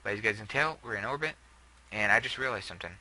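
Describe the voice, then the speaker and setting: Low, sharp-toned rambling young man. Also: very fast, rough recording. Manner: rambling, self-deprecating, trails off often. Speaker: gameplay video host. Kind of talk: casual gameplay commentary.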